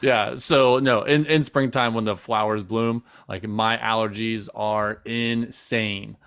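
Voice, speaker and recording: A man's voice: fairly low pitch, steady tone, slow pace, fairly bright tone, smooth, no room sound, clean studio sound. A man co-hosting a podcast, easygoing and agreeable, chatting casually and laughing often. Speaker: podcast co-host. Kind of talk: casual chat.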